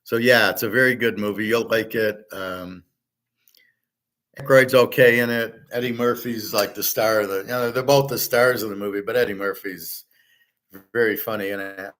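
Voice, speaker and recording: Blunt, rambling man with a low voice. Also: fairly even intonation, moderate pace, a bit bright. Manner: blunt, rambling, swears casually. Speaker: show host. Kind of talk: casual rambling chat.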